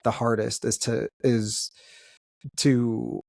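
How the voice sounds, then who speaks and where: A man's voice: medium pitch, level tone, slow, creaky, a little mellow, dry recording, studio quality. A man talking candidly as a podcast guest, rambling with lots of fillers and restarts as he reflects openly. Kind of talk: casual podcast chat.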